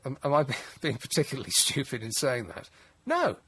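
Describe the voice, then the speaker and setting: A man's voice: medium pitch, wildly swooping pitch, fairly quick, fairly bright tone, slightly rough, no echo. A man hosting a late-night radio phone-in, wry and exasperated, rambling with frequent restarts. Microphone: studio mic.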